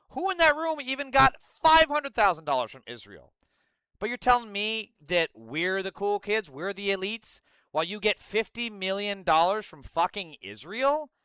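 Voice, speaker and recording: A man's voice: sits high, bright, forceful tone, smooth, dry recording. A man giving ranting political commentary in a heated, profane and sarcastic manner.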